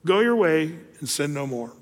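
Preacher doing a gentle, merciful Jesus, hushed and kind, echoing hall. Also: male voice, on the high side, big pitch swings, moderate pace. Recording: long hall reverb.

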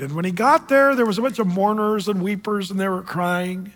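A man with a high voice preaches to a congregation, telling stories dramatically and swinging from loud to hushed. His voice carries through a large hall with a long reverb. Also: brisk, hardly any pauses. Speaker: pastor. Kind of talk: sermon. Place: church sanctuary with congregation.

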